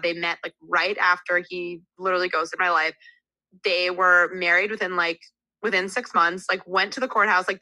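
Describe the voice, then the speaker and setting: Candid and lively, a thirty-something podcast guest spins stories in casual conversation, peppering them with "like." She speaks at a fairly low pitch, and the audio is dry and of poor quality.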